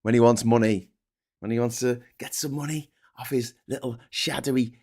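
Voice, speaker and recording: A man's voice: medium pitch, fairly even intonation, moderate pace, darkish tone, breathy edge. A man ranting in political commentary, sardonic and profane.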